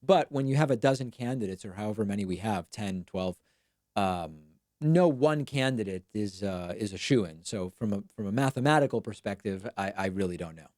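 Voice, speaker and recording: A man's voice: fairly low pitch, expressive, normal speed, a little mellow, no echo. A man hosting a live stream, giving dry, wry commentary in a casual chatty way.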